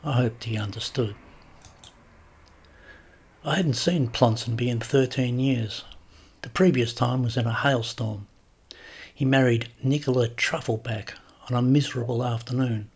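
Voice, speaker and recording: A man reading a comic short story aloud with wry, deadpan narration. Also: medium pitch, unhurried, long pauses, breathy edge.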